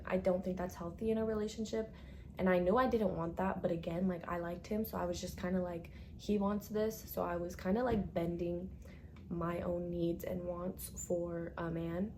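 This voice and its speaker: A woman's voice: fairly low pitch, a little mellow, slight background noise. Chatty young woman telling a story. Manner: chatty, dramatic, full of "like" and swearing. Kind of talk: casual storytime monologue.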